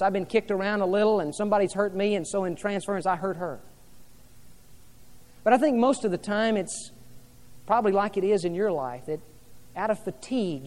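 A male pastor preaching a sermon to a congregation, rising loud and dropping soft by turns. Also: high-pitched, in a large hall. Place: church hall with an audience.

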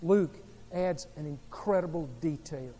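Pastor, male, high voice, dramatic storyteller, long hall reverb. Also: a little slow. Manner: dramatic storytelling with sharp swings in volume. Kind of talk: sermon.

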